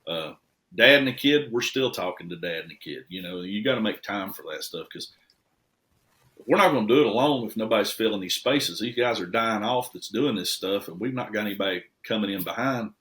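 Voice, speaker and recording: A man's voice: fairly low pitch, lively intonation, a little fast, a bit bright. A middle-aged man from Tennessee, a podcast guest who rambles and repeats words as he tells stories in casual chat. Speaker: guest, restoration shop owner.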